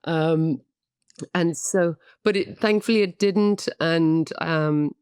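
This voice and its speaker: A middle-aged Irish woman speaks in a slightly low voice, candid and chatty, laughing at herself and dotting her talk with "um"s. She sounds like a guest in a podcast interview, recorded close and dry with no room echo. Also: slow, darkish tone, smooth. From Ireland. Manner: candid, chatty and self-deprecating, with many "um"s. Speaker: guest actress.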